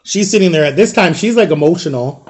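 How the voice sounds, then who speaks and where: A man's voice: a little high, lively intonation, fast talker. A man in his thirties telling a long personal story to his viewers in a casual, rambling way, full of fillers and talking straight to the audience. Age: 30s. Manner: rambling, filler-heavy, addresses viewers as guys. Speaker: vlogger. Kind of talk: casual storytelling while eating.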